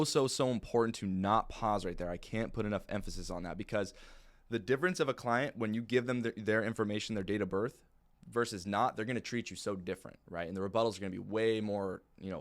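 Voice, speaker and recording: A man teaching new sales agents how to work a phone script, in a chill, fairly monotone way, often checking in with "right?" and "okay?". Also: brisk. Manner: calm, low-key delivery with frequent "right?" and "okay?". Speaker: sales trainer. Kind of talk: training talk on a phone script.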